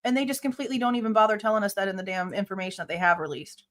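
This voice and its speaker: A woman with a medium-pitched, steady voice talks very fast while hosting a live true crime reaction show. She reads lines from a police report aloud, then bluntly argues back, swearing casually and sounding exasperated and sharply skeptical.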